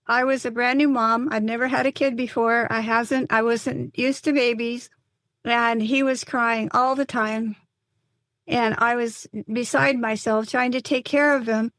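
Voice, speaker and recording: An older woman speaks in a slightly high voice, earnest and halting, often restarting her sentences as she recounts a painful story. The recording is dry and close, with no room sound around her. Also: fairly bright tone, no room sound. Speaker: guest, psychotherapist and mother. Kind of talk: emotional personal storytelling in an interview.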